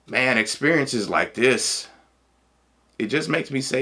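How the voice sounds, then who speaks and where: A man telling a personal story in a casual, animated way, laughing and acting out what people said. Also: mid-range voice, slow.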